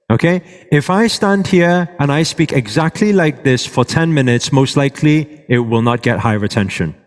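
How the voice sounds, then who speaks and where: A man teaching a live workshop to an audience, checking in with them often and moving around as he speaks. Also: on the high side. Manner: moves around while speaking. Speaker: workshop presenter. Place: large hall with a live audience. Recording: reverberant hall.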